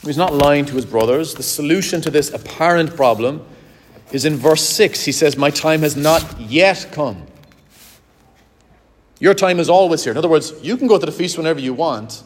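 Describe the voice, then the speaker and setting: A pastor preaching a sermon to his congregation, earnest and direct, slowing down to stress key words. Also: a little high, a little hiss or hum. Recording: long hall reverb.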